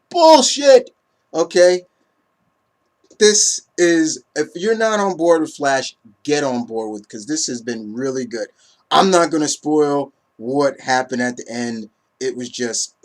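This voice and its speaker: A man giving a casual comic book review in an excitable, profane, ranting way. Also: mid-range voice. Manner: excitable, swearing, animated rants.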